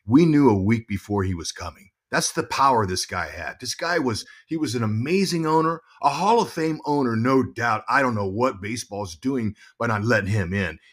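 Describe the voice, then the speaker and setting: A man's voice: medium pitch, normal speed, few pauses. A middle-aged man, a guest on an interview podcast, telling stories and acting out quotes in a raised voice. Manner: animated, acts out quotes in a raised voice. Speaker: guest, former baseball player and broadcaster.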